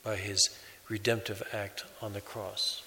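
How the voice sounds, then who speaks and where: A man preaching a sermon as a priest, in a slow, measured way with pauses. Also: on the low side, little pitch movement, pushed and bright, in a large hall, a little hiss or hum, low-quality recording.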